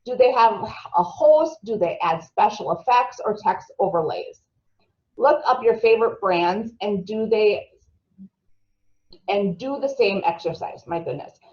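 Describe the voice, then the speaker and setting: A woman's voice: mid-range voice, darkish tone, muffled recording. A woman giving a marketing training session to a live group, chatty and asking the room questions, sometimes stumbling over her words.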